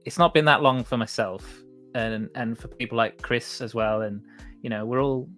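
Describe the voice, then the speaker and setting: A cheeky man chats casually as co-host, animated and quick to giggle. Faint music sits low behind his voice. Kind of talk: casual chat.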